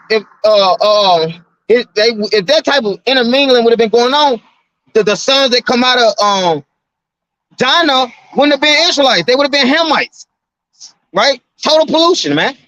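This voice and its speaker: A man teaching from scripture, reading verses slowly and then explaining them in slangy, conversational talk that keeps checking in with "right?". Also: very high-pitched, expressive, a bit bright, no room sound. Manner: slows down and lifts his voice to read verses. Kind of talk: reading scripture aloud with casual commentary. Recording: dull, lo-fi, dry sound.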